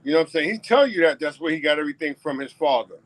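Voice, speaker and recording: A man's voice: a little high, expressive, racing, a bit bright, no room sound, rough recording. A man hosting his own talk show, riffing emphatically and repeating himself as he speaks straight to his viewers. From New York. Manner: emphatic, repetitive, addresses viewers directly. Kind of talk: casual solo commentary.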